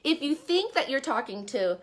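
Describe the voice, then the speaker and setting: A woman's voice: sits high, big pitch swings, moderate pace. A woman giving a chatty, upbeat live-stream talk as an online business coach. She speaks from a bedroom in her house and often puts questions to her viewers.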